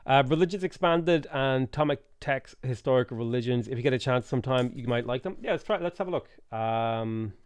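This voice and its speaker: A rambling young man with a Dublin Irish accent talks through a game on a live stream. He reads chat aloud and chats casually, his voice sitting at an ordinary middle pitch. The sound is close and dry, with no room around it. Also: a little fast, few pauses, smooth, no room sound. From Ireland.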